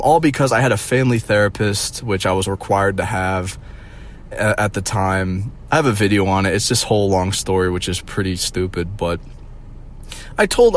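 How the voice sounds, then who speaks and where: A man's voice: medium pitch, a little hiss or hum. A young man ranting casually to camera, rambling with lots of fillers and swearing. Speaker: vlogger.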